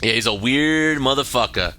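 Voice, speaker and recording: Bright-voiced American man chatting casually. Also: mid-range voice, expressive, normal speed, slight background noise. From United States. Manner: rambling, swears freely, lots of fillers. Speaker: streamer. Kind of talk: casual stream chat.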